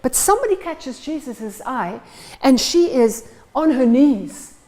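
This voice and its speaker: A woman's voice: sits high, sing-song, a little slow, a little mellow, low-quality recording. Woman preacher retelling stories. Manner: storytelling, acts out the scenes. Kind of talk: sermon. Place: church.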